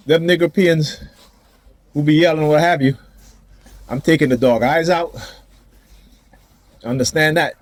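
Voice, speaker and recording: A man's voice: on the high side, no room sound. A man ranting defiantly to the camera outdoors in a casual, confrontational vlog, laughing now and then. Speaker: vlogger.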